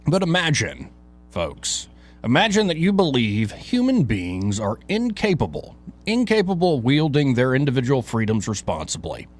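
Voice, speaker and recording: A male talk show host reading his own opinion piece aloud in an emphatic, rhetorical way, with dramatic pauses and casual asides. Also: medium pitch, sing-song.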